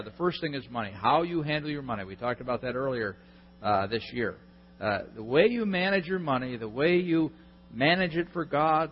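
A man's voice: mid-range voice, slightly rough. A man preaching a sermon in a conversational way, putting questions to the congregation. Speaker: pastor. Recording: echoey hall, dull lo-fi sound.

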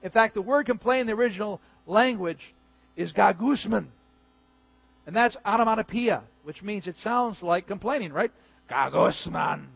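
A man preaching a sermon as a pastor, animated and emphatic with joking asides. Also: sits high, a little fast, dry recording. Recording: dull, dry recording.

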